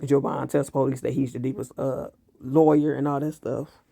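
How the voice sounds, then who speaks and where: A man recapping a TV series episode in casual, animated commentary, blunt and full of profanity. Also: medium pitch, normal speed, creaky, no room sound, clean studio sound. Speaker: TV show reviewer.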